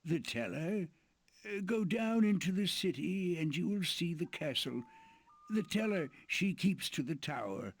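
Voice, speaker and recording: Picture a wrinkly old winged elder in an adventure game. His voice sits a little high and comes out husky, and he speaks haltingly, with small pauses. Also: animated, exaggerated voice. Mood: helpful. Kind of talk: video game voice acting.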